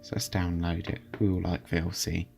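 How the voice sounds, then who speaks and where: A man's voice: deep voice, little pitch movement, a little fast, creaky, darkish tone, faint music behind. A young man talking casually over a screen recording as host, chatty and hesitant, full of fillers and restarts. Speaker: channel host reviewing software.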